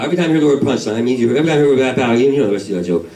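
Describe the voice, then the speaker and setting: A man with a New York accent works a comedy club stage in a manic, rambling stand-up routine, jumping from shouts to low mutters. His voice carries the roomy sound of the club and sits well back from the microphone. A crowd laughs and reacts around him. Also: expressive, racing, hardly any pauses, distant mic. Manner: manic, rambling, swings between yelling and mumbling. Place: comedy club main room.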